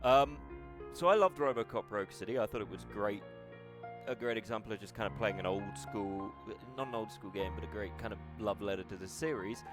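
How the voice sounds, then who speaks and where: Man, game streamer, casual wry commentary, low voice, faint music behind. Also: a little fast. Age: older. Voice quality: wry, self-deprecating, swears casually. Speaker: streamer playing a video game.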